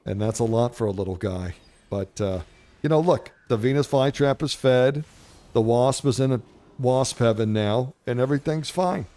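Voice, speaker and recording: The voice is medium-pitched with a dark tone, moving at a moderate pace. He's a middle-aged gaming host whose gameplay commentary wanders into profane, jokey, brash storytelling.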